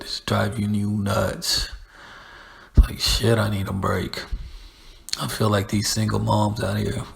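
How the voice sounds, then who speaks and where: A man's voice: lowish voice, vocal fry, husky. A man hosting a podcast, rambling casually with profanity and laughing asides. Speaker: podcast host. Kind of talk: casual monologue.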